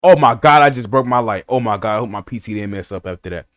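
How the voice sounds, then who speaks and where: A man's voice: fairly low pitch, fast talker, fairly bright tone, smooth, no room sound. A young man, reacting to a video in casual, slangy, rambling commentary to his chat. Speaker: streamer reacting to a story video. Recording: music playing behind.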